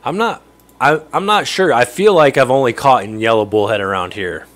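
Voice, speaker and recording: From his home fishroom, a middle-aged livestream host chats casually and rambles while answering viewers, with an occasional chuckle. His voice is medium in pitch and a bit bright, and he talks at normal speed.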